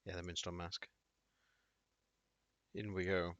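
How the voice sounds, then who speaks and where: A man's voice: low voice, little pitch movement, takes it slowly, a bit bright, no echo. A man streaming a game, making wry, chatty asides and thinking aloud as he plays. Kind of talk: casual live gameplay commentary. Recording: dull dry home audio.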